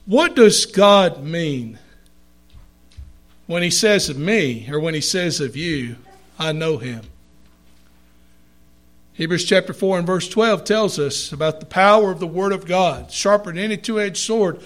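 A man delivers a sermon in an unhurried, deliberate cadence. His voice sits high for a man. He reads scripture aloud and lands hard on the words he wants to stress. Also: lively intonation, fairly bright tone. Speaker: preacher.

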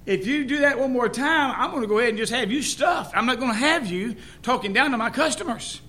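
A man's voice: very high-pitched, fairly quick, bright, forceful tone, pitched above the performer's own voice. A man voicing a pet store owner in a joke, scolding and threatening a parrot.

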